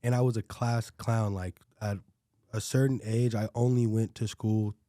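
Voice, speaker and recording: A man's voice: on the low side, fairly even intonation, moderate pace, dark tone, dry recording, clean studio sound. A young man, a podcast guest, telling stories in laid-back slang with a lot of "like". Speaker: guest, dancer and new comic. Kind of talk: casual chat, storytelling.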